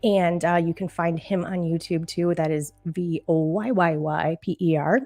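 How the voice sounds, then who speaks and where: A woman's voice: lowish voice, a little slow, few pauses, warm tone. A woman hosting a casual live-stream podcast, chatty and emotional, laughing often as she talks. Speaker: podcast host. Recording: faint background music.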